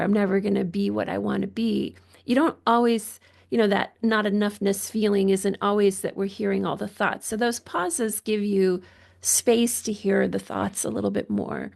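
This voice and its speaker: A woman's voice: mid-range voice, gravelly. A woman guest physician speaking reflectively in a podcast conversation, thoughtful and searching with restarts. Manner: thoughtful, searching, with frequent restarts and soft laughs.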